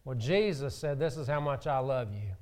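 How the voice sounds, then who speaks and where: A man's voice: medium pitch, expressive, normal speed, a little mellow. A man preaching a sermon, earnest, who rises and falls for emphasis and acts out quoted speech. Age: adult with children.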